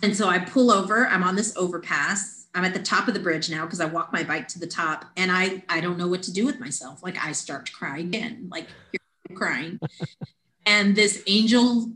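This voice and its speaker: Woman, animated storyteller, podcast guest, echoey room. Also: lowish voice, normal speed. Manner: animated, acts out quoted voices. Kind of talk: casual storytelling. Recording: roomy echo.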